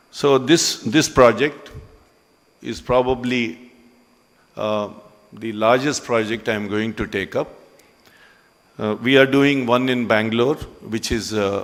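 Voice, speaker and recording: A man giving a ceremony speech in a hall, conversational and halting with frequent pauses. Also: on the low side. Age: 60s. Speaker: business owner speaking at a ceremony.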